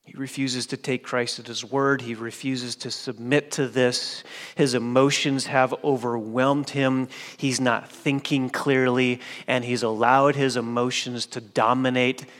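A man preaching a sermon, swinging from loud emphatic declarations to hushed, quiet lines. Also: mid-range voice. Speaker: pastor. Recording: long hall reverb.

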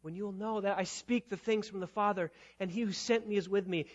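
A high-pitched man preaching with rising force, driving phrases home through repetition and swelling to loud peaks. The recording sounds dull and lo-fi. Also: fairly even intonation, fairly quick, hardly any pauses. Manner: emphatic preaching, repeats phrases, rises to loud climaxes. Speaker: pastor. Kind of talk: sermon.

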